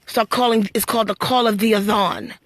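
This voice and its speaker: A woman's voice: medium pitch, steady tone, a little fast, dry recording. A woman telling her spiritual story to live-stream viewers, blunt and full of swearing, preachy and storytelling. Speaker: livestream host.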